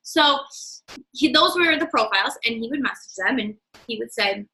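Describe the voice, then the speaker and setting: A woman's voice: on the high side, lively intonation, moderate pace, pushed and bright, poor audio. A woman leading her sales team in an emphatic motivational talk, repeating her key points. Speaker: team leader of a sales business.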